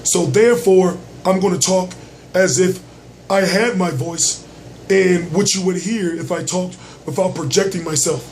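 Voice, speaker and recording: A man with a high-pitched voice that is nearly gone, forcing it out hard so he can be heard as he runs his boxing vlog. He speaks loosely and slangily and keeps circling back over his points, over a faint background hiss. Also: a little slow, a little mellow, poor audio. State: lost voice, straining to project. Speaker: boxing news vlogger. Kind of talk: casual commentary vlog.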